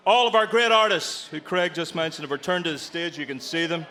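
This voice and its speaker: A man's voice: a little high, animated, brisk, hardly any pauses, a crowd in the background, noisy background. A man announcing from the podium at a live concert show, joking and chatty. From Northern Ireland. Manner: jokey, chatty. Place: live concert stage with audience.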